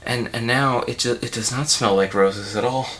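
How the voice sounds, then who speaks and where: Man doing a pompous sick director, bright voice, rambling, panicky, self-important, comedy commentary. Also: mid-range voice, normal speed, slight background noise, natural voice. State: unwell and dizzy. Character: unwell pompous male art-film director, rambling. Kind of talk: improvised comedy commentary track.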